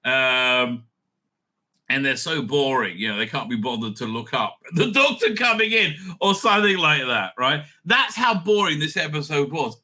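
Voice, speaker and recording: A middle-aged man talks through a casual live-stream review, rambling, swearing and laughing at his own jokes. His voice sits high and swings widely in pitch. It sounds bright and sharp. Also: expressive, moderate pace. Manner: rambling, profane, laughing often. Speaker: rabbi and show host.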